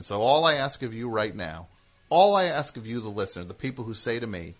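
Over soft background music, a man with an expressive, medium-pitched voice runs a call-in radio broadcast, ribbing callers, trading quick exchanges, and wandering through anecdotes.

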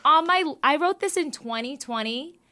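A woman's voice: high voice, normal speed. Swearing, laughing young woman host. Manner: swears freely, laughs often, excitable. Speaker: podcast host. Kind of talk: casual chat.

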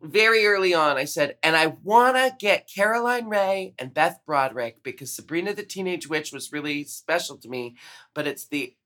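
A woman's voice: lowish voice, animated, normal speed, a bit bright. A woman hosting a podcast, chatting casually with her guest and laughing often. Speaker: podcast host. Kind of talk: casual interview chat.

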